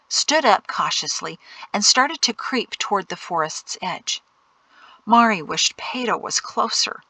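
Bright-voiced woman narrating an audiobook. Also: fairly high pitch, dry recording. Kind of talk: scripted narration.

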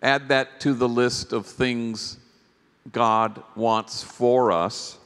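A man speaking in a mid-range voice with a slow, deliberate pace. He tells stories with reflective pauses, like a priest addressing a conference. His words carry the long reverb of a large hall. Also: mid-range voice, steady tone, a bit bright, clear, resonant tone. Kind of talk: storytelling keynote talk.

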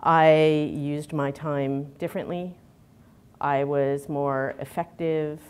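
Low-voiced woman giving a talk. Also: level tone, slow pace, darkish tone, clear, resonant tone. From Canada. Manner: candid storytelling with many fillers and restarts. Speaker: conference speaker. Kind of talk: conference talk.

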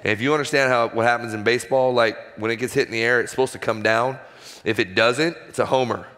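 A man in his forties giving an animated personal testimony talk as a guest speaker in a large church auditorium. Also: medium pitch, fast talker. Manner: conversational, animated storytelling. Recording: long hall reverb.

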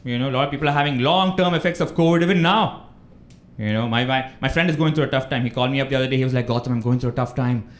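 A man's voice: mid-range voice, very fast. A young man from India doing a live stand-up set, who laughs through his jokes and acts out his phone calls. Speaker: stand-up comedian. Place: comedy club stage with a live audience. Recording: echoey club room, loud crowd laughter.

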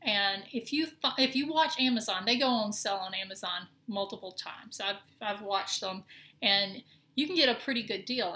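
With a medium-pitched, sharp-toned voice, a middle-aged Southern woman casually shows off her cross-stitch projects. She's chatty and rambles a bit, with many ums and restarts.

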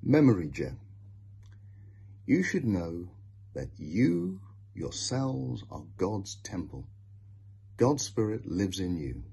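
A man slowly and expressively reading a children's devotional story and Bible verses aloud. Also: low voice, big pitch swings, vocal fry, dark tone, slightly rough.

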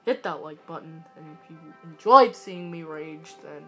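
A woman giving excitable, ranting commentary while playing a mobile game, swinging between yelling and muttering. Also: sits low, normal speed. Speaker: gaming YouTuber. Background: loud game music.

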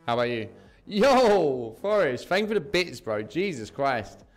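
A man's voice: mid-range voice, sing-song, brisk, soft background music. A young English man from southeast England, chatting casually with viewers on a slots live stream and calling them mate and bro.

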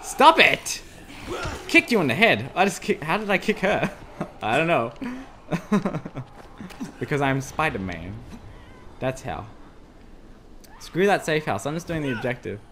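A man talks through a zombie game demo on a desk microphone, reacting loudly to every scare. His voice sits high and bright, swinging widely in pitch with slow, drawn-out delivery between sudden squeals. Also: a little hiss or hum. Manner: excitable, yelps and squeals when scared. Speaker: gameplay commentator. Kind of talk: let's play commentary. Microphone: desk USB microphone.

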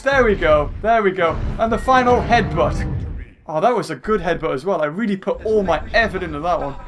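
A young man giving excitable let's play commentary, yelling and swearing at the game over its music. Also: sits high. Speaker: gaming channel host. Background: video game music.

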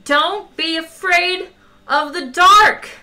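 A woman's voice: a little high, bright, forceful tone. A woman voicing a cheerful, overly friendly male ship's computer that sings nasally. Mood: singing nasally. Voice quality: nasal sing-song. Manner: bubbly, drawn-out, overly friendly.

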